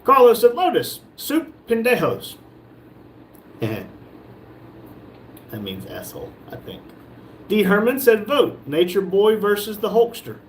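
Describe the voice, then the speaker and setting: Man reading chat aloud, a bit high. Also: very animated, unhurried, pauses often, a little hiss or hum. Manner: reads comments aloud and jokes back. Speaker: livestream host reading chat. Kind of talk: casual live chat. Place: shop.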